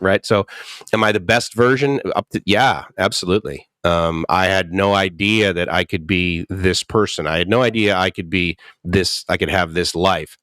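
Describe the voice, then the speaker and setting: A man's voice: sits low, fairly bright tone, no echo, clean studio sound. A man in his fifties in recovery, telling his story candidly and animatedly, often chuckling and acting out quotes. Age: 50s. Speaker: guest speaker in recovery. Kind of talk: candid personal talk.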